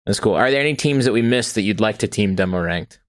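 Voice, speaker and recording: A man's voice: fairly low pitch, animated, fast talker. A man hosting a podcast, chatting casually and laughing easily. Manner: easygoing, laughs often. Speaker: podcast host. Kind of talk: casual chat.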